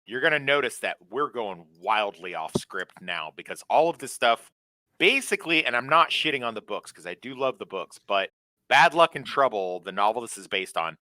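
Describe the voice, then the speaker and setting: Bright-voiced, animated male co-host. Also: medium pitch, normal speed, no room sound. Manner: animated, profane, apologetic asides. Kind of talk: casual show recap chat.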